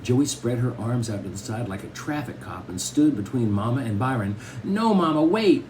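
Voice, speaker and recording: A man's voice: fairly low pitch, a little fast, background noise. A man reading a children's novel aloud, telling it expressively in the first person. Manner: expressive storytelling, first-person boy narrator. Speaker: audiobook reader.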